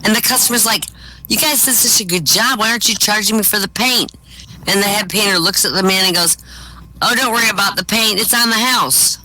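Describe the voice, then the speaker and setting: A man doing stand-up, telling one-liners and short jokes with deadpan punchlines over voice chat. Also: sits high, a little fast, a little hiss or hum, rough recording. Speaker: stand-up comic. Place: virtual-world comedy venue, voice chat.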